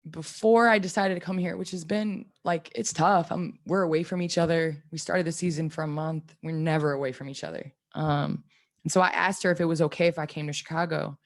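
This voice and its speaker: A woman in her thirties speaks into a table mic at a press conference, with a lower voice for her sex. She teases and chatters, then turns earnest and reflective about what matters to her. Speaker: pro basketball player at a press conference. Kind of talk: post-game press conference answers.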